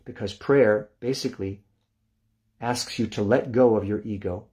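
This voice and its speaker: Calm and unhurried, an older man leads a guided relaxation lesson as a meditation instructor. He counts down softly and drifts into hushed releases, his voice pitched somewhat low.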